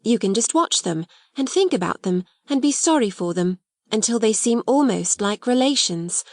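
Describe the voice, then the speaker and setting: A woman's voice: fairly high pitch, expressive, moderate pace, darkish tone, dry recording, studio quality. A woman reading aloud and voicing a proud, composed young schoolgirl who speaks grandly and politely. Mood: fond.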